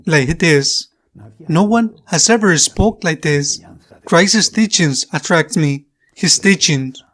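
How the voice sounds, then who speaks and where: Slow-preaching priest with a higher voice. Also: male voice, fairly bright tone. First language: Spanish. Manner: slow, measured preaching with repeated phrases. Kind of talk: sermon.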